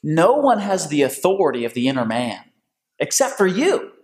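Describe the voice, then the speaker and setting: A man hosting a faith-based conversation, preacherly and animated, with big swings in pitch. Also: normal speed. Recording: echoey room.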